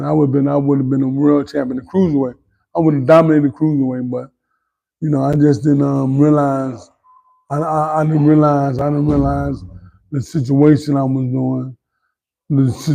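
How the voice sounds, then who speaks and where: Ex-boxer guest, man, middle-aged, gravelly and dark, boastful, swears, looks back with regret. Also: a little high, muffled recording. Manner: candid, boastful then regretful, swears freely. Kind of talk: storytelling interview.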